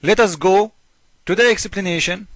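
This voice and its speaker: Guy lecturing on video, repeats himself a lot, highish voice, dry close mic. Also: moderate pace, fairly bright tone, dry recording. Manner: emphatic, repetitive, lecturing. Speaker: video host. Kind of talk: argumentative video monologue.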